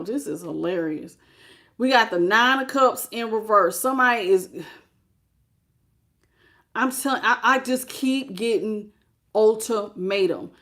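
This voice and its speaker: A woman with a slightly high voice runs a live tarot reading, laying out the cards in a loose, conversational way. She talks animatedly, laughs easily and greets viewers by name between the cards. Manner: casual, chatty, animated, often laughing. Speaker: tarot reader.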